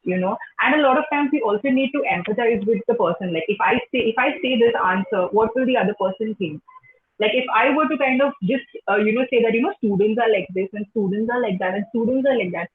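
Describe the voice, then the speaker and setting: A woman's voice: a little high, fast talker. A young woman with an Indian English accent, a teacher answering interview questions in a chatty way, full of "you know". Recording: echoey phone-like call line.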